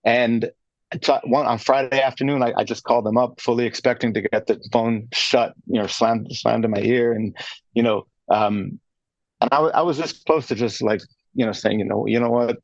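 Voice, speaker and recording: A man's voice: medium pitch, steady tone, normal speed, no echo, dull audio. A man in his thirties, a guest on a radio interview, telling his story in a rambling way with many restarts and fillers. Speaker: guest, charcuterie maker. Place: radio studio.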